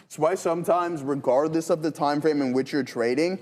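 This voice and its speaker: A man's voice: a little high, darkish tone. Man, 30s, live trading commentary, upbeat, sarcastic, reverberant hall, faint noise. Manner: upbeat, quick, sarcastic asides. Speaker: trading stream host.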